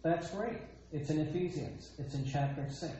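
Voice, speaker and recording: A man's voice: fairly high pitch, moderate pace, warm tone, slight background noise. A man preaching a sermon, emphatic, repeating his phrases and asking rhetorical questions. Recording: echoey dull lo-fi sound.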